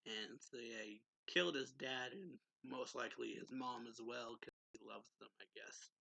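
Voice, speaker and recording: A man's voice: mid-range voice, normal speed, vocal fry, sharp tone, poor audio. A man hosting his own channel, recapping a manga chapter in a loose, rambling way full of fillers. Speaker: anime and manga reviewer, channel host.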